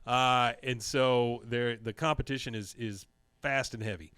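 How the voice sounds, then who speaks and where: A man in a casual podcast chat walks through an episode scene by scene, his voice smooth and clean. The sound is dry and close, with no room around it. He talks at a middling pitch and slips into quick character bits now and then. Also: dry recording. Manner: animated retelling, briefly mimics characters' lines. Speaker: podcast co-host. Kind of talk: casual recap of a cartoon episode.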